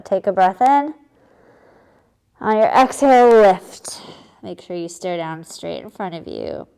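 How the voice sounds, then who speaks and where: Slow, calm woman leading kids' yoga. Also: mid-range voice. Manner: calm, encouraging, clear step-by-step cues. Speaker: kids yoga instructor. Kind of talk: guided yoga lesson for children.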